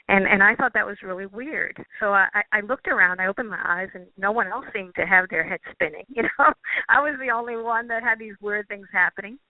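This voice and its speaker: A woman guest, a quantum healing practitioner, telling a personal story in an earnest, halting way, often restarting her phrases. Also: medium pitch, no room sound. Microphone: phone or call line. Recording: tinny dry phone line.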